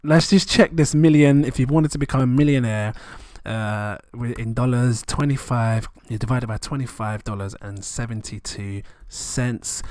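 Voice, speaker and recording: A man, rambling excitedly and chuckling often as he talks through numbers in a casual vlog. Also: mid-range voice, dry recording, studio quality. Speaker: crypto vlogger.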